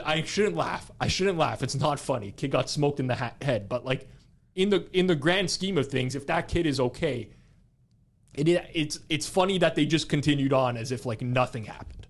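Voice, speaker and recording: A young man co-hosting a podcast, talking in a casual, animated, rambling way and filling his speech with "like". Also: fairly high pitch. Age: young adult. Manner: animated, rambling, heavy use of "like". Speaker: podcast co-host. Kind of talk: casual chat.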